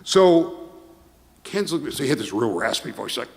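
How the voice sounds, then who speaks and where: Middle-aged male presenter, storytelling award toast, acts out the dialogue, mid-pitched, long hall reverb. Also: moderate pace, creaky, slight background noise. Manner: animated storytelling, acting out quoted dialogue. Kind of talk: anecdotal award speech.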